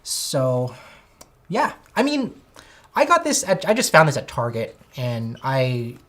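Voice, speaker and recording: A man with a high-pitched, whiny voice, rambling enthusiastically as he chats casually on a toy unboxing livestream. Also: wildly swooping pitch, takes it slowly, fairly bright tone. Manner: rambling, enthusiastic, self-correcting. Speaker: toy collector streamer.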